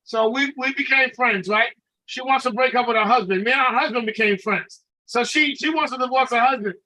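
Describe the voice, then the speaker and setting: A man telling a profane, animated story in a casual podcast chat, acting out the dialogue. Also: extremely high pitch, a little fast, low-quality recording.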